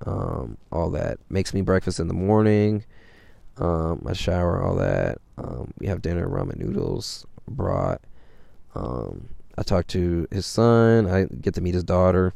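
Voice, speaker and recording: A low, mellow-voiced young man tells a story in a loose, rambling way, with plenty of swearing and filler words. His voice has a gravelly, smooth edge, and the sound is dry and close. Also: expressive, unhurried, no room sound. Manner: rambling and profane, with constant fillers. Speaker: vlogger. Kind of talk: casual storytelling.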